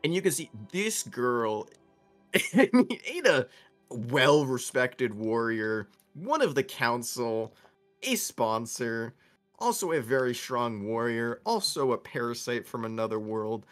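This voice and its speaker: A man's voice: mid-range voice, animated, slow, faint music behind. A man narrating a tabletop game as game master, telling the scene vividly with laughs and swearing.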